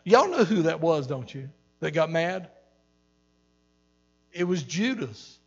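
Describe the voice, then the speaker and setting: A male pastor preaching a sermon, animated, repeating phrases and swelling loud for emphasis. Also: fairly high pitch, slow, pauses often, breathy edge, in a large hall, dull audio. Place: church sanctuary.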